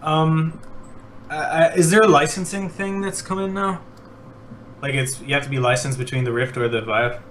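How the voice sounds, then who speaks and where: A man's voice: a little high, normal speed, fairly bright tone, slight background noise. A man chatting over a call in a rambling way, full of hesitant fillers. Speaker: guest on stream. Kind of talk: casual voice chat.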